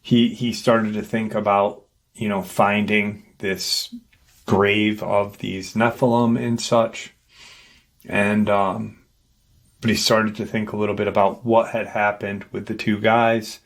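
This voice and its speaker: A man with a lowish voice recounting a paranormal encounter at a slow, deliberate pace. He talks hesitantly, restarting sentences and padding them with fillers as he retells what happened. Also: level tone. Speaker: paranormal storyteller, channel host.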